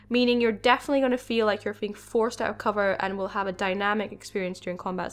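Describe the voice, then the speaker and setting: Young woman, gaming vlog host, excited rambling talk, medium pitch, soft music underneath. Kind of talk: casual video game commentary.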